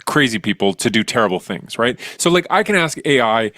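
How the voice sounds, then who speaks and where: A man's voice: medium pitch, very animated, brisk, pushed and bright, dry recording. Enthusiastic male science explainer, dry mic. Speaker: science educator guest. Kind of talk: casual chat.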